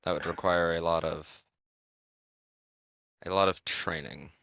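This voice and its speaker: A man voicing a wise, measured male mentor in a tabletop game. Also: deep voice, steady tone, creaky, bright, forceful tone, full character voice. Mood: cautioning.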